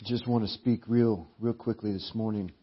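A middle-aged man preaching a sermon in church, animated, often repeating words and clearing his throat, on a dull lo-fi recording. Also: lowish voice, normal speed.

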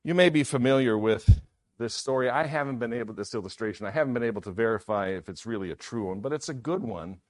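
A man's voice: medium pitch, animated, quick pace. A man preaching a sermon in an earnest manner, often repeating key phrases.

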